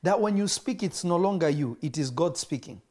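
A man preaching a sermon in an animated way, acting out dialogue between the figures he describes. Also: fairly high pitch, moderate pace. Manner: animated, acts out dialogue in varied voices.

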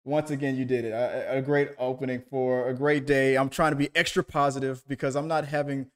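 A man's voice: mid-range voice, level tone, fairly quick. A man co-hosting a podcast over a video call, telling stories in a rambling, self-deprecating way with lots of restarts. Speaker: podcast co-host. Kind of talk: casual chat.

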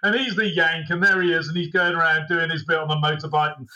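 A middle-aged English man, a screenwriter guesting on a podcast, telling stories with lively asides and quick put-on voices. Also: fairly high pitch. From England. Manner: animated storyteller who mimics others in put-on voices. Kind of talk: casual podcast chat. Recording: distant, dull lo-fi sound.

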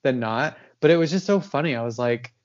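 A man's voice: medium pitch, brisk, highs cut off. Tired, rambling man on a podcast. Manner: rambling, laughs often, fillers like "like" and "um". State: tired, yawning. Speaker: podcast co-host. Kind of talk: casual chat.

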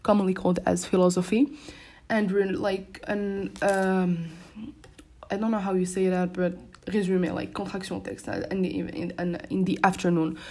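A young woman, a native French speaker, chats through her own solo podcast from her bedroom. She rambles loosely, restarting sentences and leaning on fillers, at a mid pitch for a woman. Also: level tone, moderate pace, a little mellow. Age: young adult. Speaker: podcast host. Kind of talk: casual solo podcast chat. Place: her room at home.

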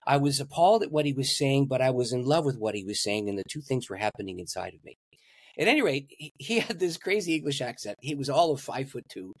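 A man's voice: mid-range voice, expressive, fast talker, no echo, studio quality. A man, a pastor and guest, telling a story in an interview and laughing at his own stories.

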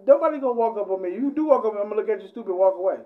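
A man's voice: high-pitched, expressive, narrow, tinny audio. A man in a casual podcast debate, talking over others and repeating himself as he makes his point. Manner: fast, repetitive, interjecting.

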